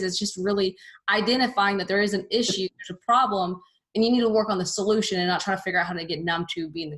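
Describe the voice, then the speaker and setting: A woman hosts a podcast in a casual, earnest manner, reflecting openly before she asks her questions. Her voice sits in an ordinary middle pitch. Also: a bit bright. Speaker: podcast host. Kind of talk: casual interview chat.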